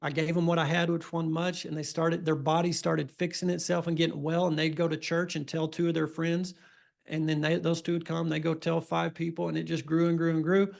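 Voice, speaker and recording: Guy in his middle years telling stories, kinda raspy, fairly high voice. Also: fairly quick. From Texas. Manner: folksy, energetic storyteller. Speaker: family doctor. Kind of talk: storytelling interview.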